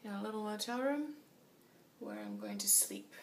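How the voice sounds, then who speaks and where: A woman's voice: mid-range voice, wildly swooping pitch, normal speed, distant mic, a little hiss or hum. Tired woman vlogging from a motel room. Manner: chatty, laughing often. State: tired after a long flight. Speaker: long-distance cyclist vlogging. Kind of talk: casual video diary.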